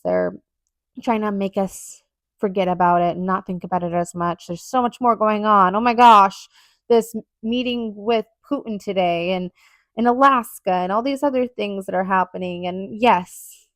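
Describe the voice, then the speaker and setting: A woman's voice: medium pitch, a bit bright, no room sound. A woman hosting her own podcast, talking earnestly and emphatically in a rambling solo monologue with lots of fillers. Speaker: podcast host.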